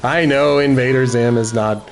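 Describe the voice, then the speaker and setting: A man's voice: mid-range voice, fairly even intonation, moderate pace, slight background noise. A middle-aged man chatting casually while streaming a game, laughing often and correcting himself as he goes. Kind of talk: casual gameplay commentary.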